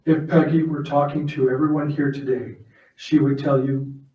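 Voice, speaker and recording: A man's voice: a little high, level tone, normal speed, highs cut off. A man giving a heartfelt eulogy at a funeral service, telling plain personal stories and leading a prayer. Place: funeral home chapel. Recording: echoey room from far off.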